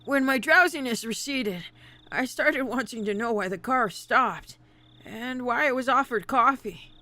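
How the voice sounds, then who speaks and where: A woman streamer reading a visual novel aloud and chatting with viewers. She swears freely, laughs a lot, and rants excitedly. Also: on the high side, measured pace. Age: adult.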